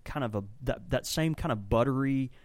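A man with a medium-pitched, darkish voice speaks briskly, free of echo. As a tobacco shop owner and blender on a casual podcast, he rambles keenly and restarts his sentences a lot.

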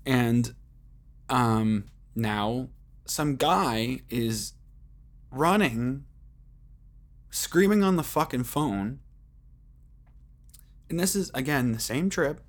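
A man's voice: medium pitch, lively intonation, extremely slow, long pauses. A man hosting a podcast, telling a rambling story in casual talk, with heavy swearing and many fillers like "like" and "um". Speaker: podcast host.

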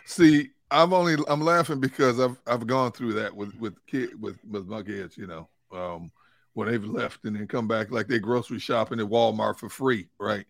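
A man's voice: fairly low pitch, moderate pace, gravelly, dry recording. A middle-aged man hosting a sports talk show, chatting in a laid-back, laughing way. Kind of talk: casual sports talk banter.

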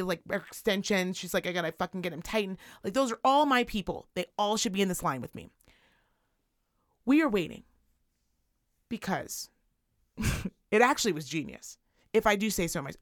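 Female co-host, profane and animated, swings her pitch widely, dry close mic. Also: moderate pace, long pauses, no echo. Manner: animated, profane, acts out voices. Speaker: podcast co-host. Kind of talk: casual chat, storytelling rant.

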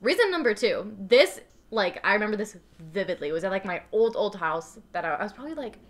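A woman's voice: medium pitch, very animated, fast talker. Playfully dramatic young woman podcaster. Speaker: podcast co-host. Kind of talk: casual chat.

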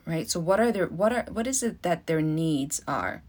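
A middle-aged woman hosts her own podcast in a loose, heartfelt monologue. Her voice sits a little low for a woman, and she leans on profanity for emphasis. She jumps from loud, excited bursts to hushed asides. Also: moderate pace. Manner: animated, swings between loud bursts and soft asides. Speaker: podcast host.

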